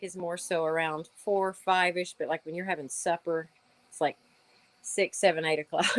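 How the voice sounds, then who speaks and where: Kentucky woman, Southern drawl, rambly guest, crisp bright voice, dry. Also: lowish voice, no room sound. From Kentucky, USA. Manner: rambling, chatty, lots of "like". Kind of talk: casual chat. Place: outdoor patio at night.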